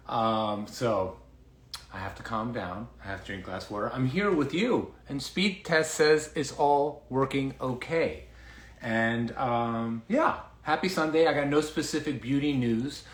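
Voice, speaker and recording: A man, a dermatologist, hosting a casual livestream, chatty and excitable, rambling with lots of fillers, a little out of breath. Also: medium pitch. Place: home basement. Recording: echoey room.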